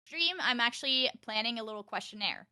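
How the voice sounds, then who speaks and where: A young woman from Norway, a streamer chatting as a podcast guest, animated and quick to laugh. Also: fairly high pitch, no echo, clean studio sound. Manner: animated, laughs often, acts out quotes. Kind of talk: casual chat.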